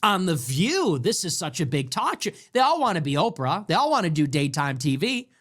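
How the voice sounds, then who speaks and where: A man delivers a political commentary monologue full of sarcastic mockery and crude jabs. His voice sits high for a man. It leaps up and down as he rants. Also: sing-song, moderate pace, fairly bright tone. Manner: sarcastic and mocking, with crude insults. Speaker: political commentary show host.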